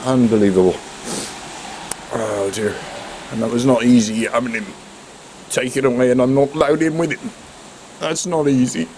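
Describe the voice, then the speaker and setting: A man's voice: mid-range voice, steady tone, normal speed, pauses often, darkish tone, a little hiss or hum. British man muttering outdoors to his dog. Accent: British English. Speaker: vlogger. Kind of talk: casual vlog talk.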